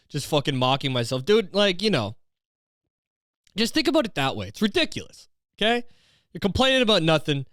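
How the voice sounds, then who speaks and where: Profane, animated young male podcast host. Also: high voice, a little fast, long pauses, dry recording, clean studio sound. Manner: profane, animated, self-mocking. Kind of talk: comedic podcast rant.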